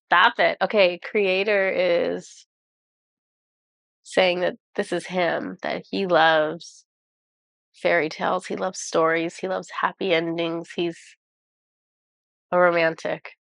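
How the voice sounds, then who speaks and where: Low gravelly woman channeling card messages. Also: level tone, fairly bright tone, no room sound. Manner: halting and awestruck, with frequent pauses and exclamations. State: has a cold. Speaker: channeler reading oracle cards. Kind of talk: intuitive card reading to viewers.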